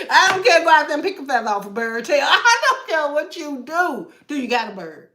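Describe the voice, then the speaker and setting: During a live tarot reading, a woman chats loosely with her viewers, joking and frequently bursting into laughter. Her high voice is pushed and bright, and the room is echoey.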